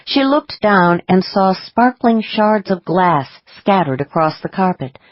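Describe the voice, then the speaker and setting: A woman reading audiobook narration in a measured, expressive way. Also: medium pitch, no room sound, highs cut off.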